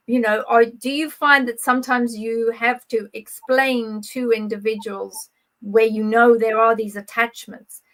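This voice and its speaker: Woman interviewer, fairly high voice, rambling questions, video call. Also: level tone, measured pace, a bit bright, poor audio. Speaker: podcast interviewer.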